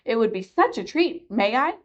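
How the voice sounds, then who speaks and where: A woman voicing a gentle, cooing queen who speaks softly in a storybook reading. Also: a little high, sing-song, normal speed, lo-fi sound. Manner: soft, cooing.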